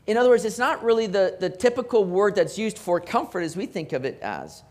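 A man preaching a sermon as pastor, animated, with emphatic rising bursts and repeated words. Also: sits high, a little fast.

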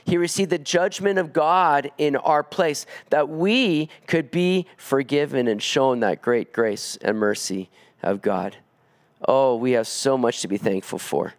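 A man preaching an expository sermon, earnest, climbing higher when he presses a point. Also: a little slow. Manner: earnest preaching, rising in pitch on emphatic pleas. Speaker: pastor.

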